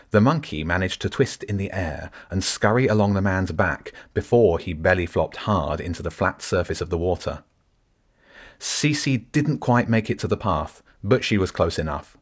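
Brief: deep, low male narrator, steady storytelling. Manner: steady storytelling, shifts into character voices. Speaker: audiobook narrator. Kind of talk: scripted narration.

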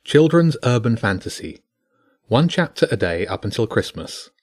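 A man narrating a bedtime story in a steady, measured way. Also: medium pitch, no room sound, clean studio sound.

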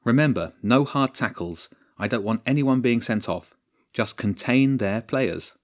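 A man voicing a brisk girl team captain. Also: mid-range voice, lively intonation, lightly acted. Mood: commanding. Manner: brisk and commanding. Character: firm, practical girl football team captain. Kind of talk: storybook reading.

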